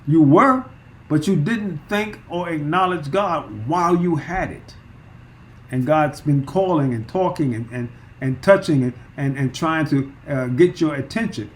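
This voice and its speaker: A man's voice: fairly high pitch, animated, unhurried. A man teaching through a Bible chapter verse by verse, emphatic, with frequent repeats and fillers.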